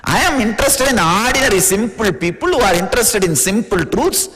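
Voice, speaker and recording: A spiritual teacher from India with an Indian accent, giving an informal, playful, teasing discourse in plain words. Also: male voice, sits high, animated, fairly quick, a bit bright. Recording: long reverb of a large hall.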